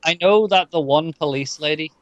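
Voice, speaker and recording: A man co-hosting a podcast in casual chat, chiming in with quick agreement and dry asides. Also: a little high, a bit bright, no echo, highs cut off. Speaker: podcast co-host.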